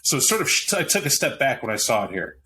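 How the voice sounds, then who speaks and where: A man on a roundtable podcast talks animatedly about a tabletop game and keeps restarting his sentences as he goes. His voice is bright and forceful at a middle pitch, and there is a faint hiss in the background. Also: fast talker. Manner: animated, with frequent restarts and asides. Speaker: podcast panelist.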